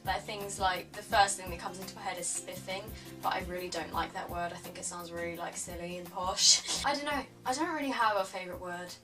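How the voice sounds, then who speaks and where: A young English woman rambles cheerfully through a vlog, leaning on "like" and "um" and laughing off her own answers. She sits a little back from the microphone, so her voice sounds slightly distant, and music plays clearly under her talk. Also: fairly low pitch, a little fast, sharp tone. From England. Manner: chatty, lots of "like" and "um", self-deprecating. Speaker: beauty vlogger. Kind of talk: casual chat to camera.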